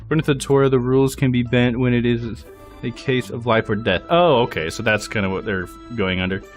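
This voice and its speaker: A man's voice: mid-range voice, steady tone, brisk, soft background music. A man streaming a live game playthrough, thinking aloud, laughing often and hedging his opinions.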